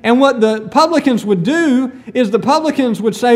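Male preacher, sermon, very high voice, lively swinging pitch, storytelling. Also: fairly quick, few pauses. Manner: animated storytelling, rhetorical questions.

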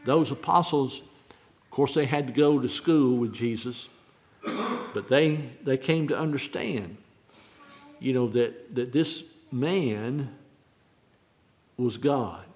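A man preaching on a Bible verse, halting and restarting often, repeating key phrases slowly. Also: medium pitch, darkish tone. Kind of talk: sermon, unscripted Bible teaching.

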